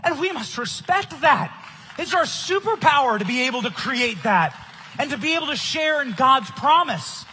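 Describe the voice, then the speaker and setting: Give me a young male conference speaker with a loud, emphatic delivery and a sharp, bright voice. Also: extremely high pitch, very animated, moderate pace, a little hiss or hum. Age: young adult. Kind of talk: political rally speech. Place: conference stage.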